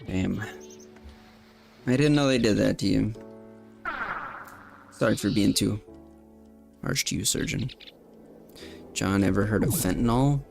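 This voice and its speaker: A man's voice: on the low side, a little slow, gravelly, pauses often, over music. A young man hosting a gaming stream, firing back jokes and self-mocking comebacks in casual banter. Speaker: streamer host.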